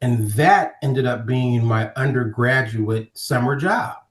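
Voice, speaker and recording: A middle-aged man from Ohio, telling stories as a podcast guest in a lively conversational way and acting out other people's voices. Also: medium pitch, slow. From Ohio, USA. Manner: animated storyteller, acting out quoted voices. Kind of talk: storytelling in casual conversation. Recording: roomy echo.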